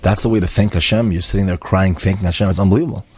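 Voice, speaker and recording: Husky low-voiced man telling a story. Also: steady tone, rapid-fire, darkish tone, no echo. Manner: acts out dialogue, chatty asides, frequent fillers. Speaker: inspirational storyteller. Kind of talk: animated religious storytelling.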